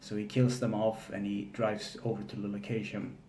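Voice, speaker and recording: Man, casual recap, stop-start, faint room hum. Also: fairly low pitch. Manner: halting, many fillers and restarts, flat delivery. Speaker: film recapper. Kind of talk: casual spoken film recap. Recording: echoey room with faint ambience.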